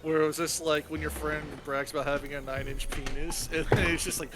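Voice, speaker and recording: A man with a somewhat high voice trades crude jokes while gaming. He laughs through his anecdotes and acts out the quoted lines. Game music plays loudly behind him. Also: level tone, brisk, hardly any pauses. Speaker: gaming stream co-player. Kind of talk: casual gaming chat.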